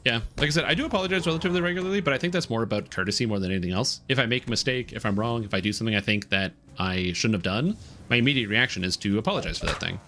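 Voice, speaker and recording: A Canadian man with a general North American accent, chatting casually on a game stream and enunciating each word clearly. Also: mid-range voice, animated, rapid-fire, sharp tone, a little hiss or hum. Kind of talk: casual live-stream chat.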